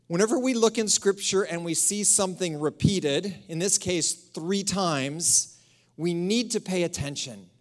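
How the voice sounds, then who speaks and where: A man, a pastor delivering a sermon in a church, who preaches with energy and drops to a hushed, breathy emphasis on key phrases. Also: high-pitched. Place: church sanctuary.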